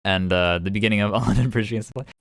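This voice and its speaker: A man narrating as game master of a streamed tabletop game, rambling rapidly and loosely with many fillers. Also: lowish voice, a bit bright, no echo.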